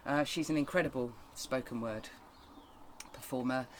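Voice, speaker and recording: A man's voice: mid-range voice, normal speed, slight background noise. A man hosting a festival stream, casually introducing the next performer and rambling a little. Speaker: festival host introducing acts.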